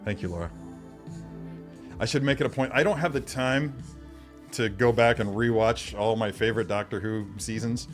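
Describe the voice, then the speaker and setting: A man's voice: medium pitch, moderate pace, long pauses, faint music behind. A middle-aged man hosting a live stream, chatting casually, rambling and answering viewers' comments.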